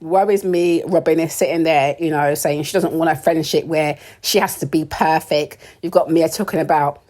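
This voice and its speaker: A woman's voice: low-pitched, fairly even intonation, normal speed, warm tone. A young British woman giving casual, opinionated commentary on a reality show, with sarcasm and frequent laughs. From United Kingdom. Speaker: reality TV recap host.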